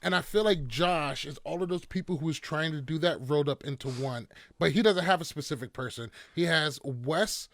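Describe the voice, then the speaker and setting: Casting note: slightly high male podcast host, dry mic, sarcastic recapper. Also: normal speed, few pauses, fairly bright tone, no room sound. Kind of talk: casual recap chat.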